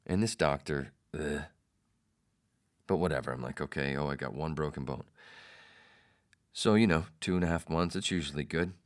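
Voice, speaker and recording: Low-voiced man telling a story. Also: moderate pace, long pauses. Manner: animated, mimics others in quoted lines. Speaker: podcast host. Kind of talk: casual storytelling.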